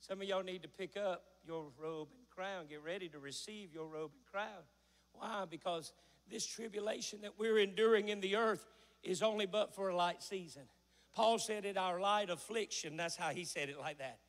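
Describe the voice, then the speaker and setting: A male pastor, preaching a folksy sermon in a church that builds to a shout. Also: high-pitched, normal speed, in a large hall. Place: church sanctuary.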